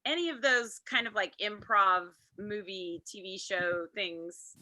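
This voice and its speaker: A woman's voice: medium pitch, measured pace, sharp tone, poor audio. A woman hosting a viewing party over a video call, chatting casually and trailing off mid-thought. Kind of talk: casual chat.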